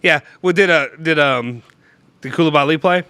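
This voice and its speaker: A man's voice: on the high side, moderate pace, sharp tone, clear, resonant tone, no echo. A young man hosting a casual live-streamed chat, loose and joking, rambling with restarts into a close mic. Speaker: show host.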